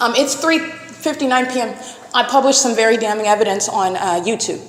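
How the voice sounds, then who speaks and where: A woman's voice: on the high side, fairly quick. A woman vlogger talking into her phone outdoors by a parking lot, in an accusatory, insistent and repetitive monologue. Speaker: vlogger documenting her surroundings. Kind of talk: rapid recorded monologue addressed to the camera.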